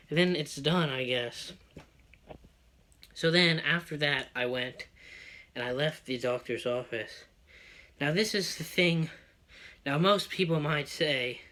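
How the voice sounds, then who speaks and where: Male vlogger, excitable profane ranter, bright and fairly high voice. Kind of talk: personal rant monologue.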